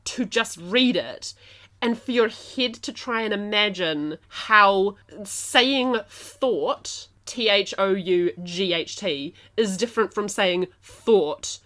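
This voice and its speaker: A woman hosting a casual podcast chat, talking quickly and animatedly, often laughing. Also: medium pitch, sharp tone. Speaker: podcast host, game developer.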